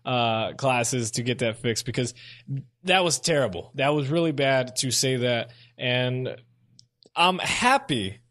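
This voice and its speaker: A man's voice: mid-range voice, slow, fairly bright tone. A young adult man hosting a solo sports show, giving casual, opinionated commentary and thinking aloud as he goes.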